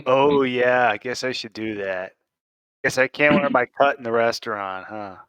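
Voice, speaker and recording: Smooth-voiced man playing a biker. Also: mid-range voice, normal speed, a bit bright, dry recording, highs cut off. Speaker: player. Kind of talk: in-character tabletop play.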